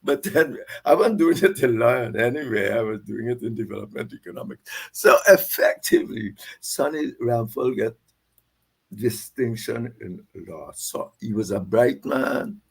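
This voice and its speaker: Gravelly older Guyanese man telling stories. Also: mid-range voice, unhurried. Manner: animated, repeats words, laughs mid-sentence. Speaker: guest. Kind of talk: storytelling recollection.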